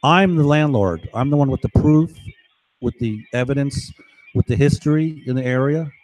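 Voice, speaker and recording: A man's voice: medium pitch, normal speed, a little mellow, dry recording. A middle-aged man from New York, rambling through a long monologue, often tossing in "right?" and "you know?". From New York, United States. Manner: meandering, keeps asking "right?" and "you know?"; acts out overheard voices in his story.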